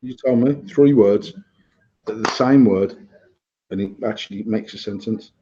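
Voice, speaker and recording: A man's voice: lowish voice, moderate pace, dark tone. A man co-hosting a vaping podcast, talking bluntly about coils and gear in sweary, casual banter. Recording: dull lo-fi sound.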